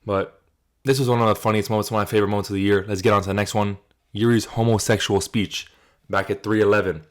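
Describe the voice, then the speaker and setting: A young man hosting his own channel, talking loosely about fight highlights in a casual, profane way with lots of "like" and restarts. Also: quick pace. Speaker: channel host. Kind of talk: casual commentary video.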